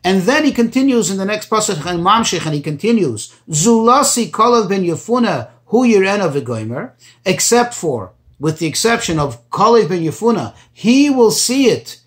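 A man teaching a Torah class, reading Hebrew phrases and translating each one into as he goes. His pitch jumps up when he stresses a point. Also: big pitch swings, normal speed. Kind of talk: Torah class explaining commentaries.

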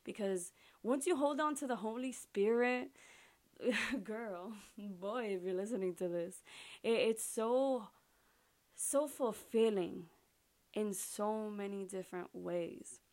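Earnest woman with gravelly fry. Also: medium pitch, slow pace. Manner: earnest, heartfelt, soft-spoken in prayer. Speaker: podcast host. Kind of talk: faith podcast talk and prayer.

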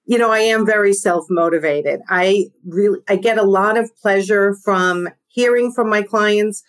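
A middle-aged woman with a New York accent, a business coach talking fast and energetically in a podcast interview, laughing often. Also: mid-range voice.

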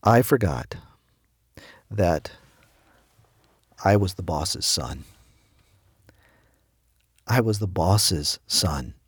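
A man's voice: sits low, expressive, drawn-out words, pauses often, slightly rough, no room sound, clean studio sound. A middle-aged man preaching a devotional sermon, telling a personal story and quoting the people in it. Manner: storytelling, quotes people in his own raised voice. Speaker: pastor.

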